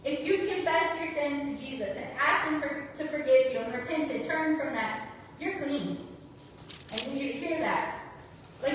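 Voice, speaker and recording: In a church sanctuary, a woman with a high voice delivers a conversational sermon, voicing the quoted dialogue of the people in her stories. The hall echoes and she sounds distant, with slight background noise.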